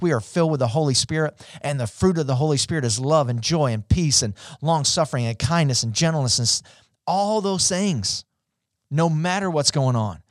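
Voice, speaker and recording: Impassioned pastor, dry sound. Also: male voice, dry recording. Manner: impassioned, climbs to high emphatic peaks; addresses online viewers directly. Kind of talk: sermon.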